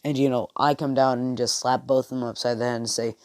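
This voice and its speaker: A man's voice: mid-range voice, level tone, fast talker, few pauses, no room sound, clean studio sound. A young man narrating an improvised fan story in a casual, rambling way, full of fillers and restarts.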